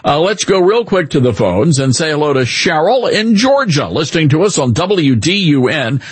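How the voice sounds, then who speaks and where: A man hosting a talk radio show in a studio, giving animated, folksy conservative commentary with chuckling asides, his throat a bit irritated. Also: fairly high pitch, moderate pace, husky, no room sound. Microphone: studio microphone, dry.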